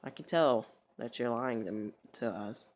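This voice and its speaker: A man's voice: mid-range voice, normal speed, close to an everyday voice. A man doing a prim, tearful girl who hates swearing. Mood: scolding. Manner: prim, scolding.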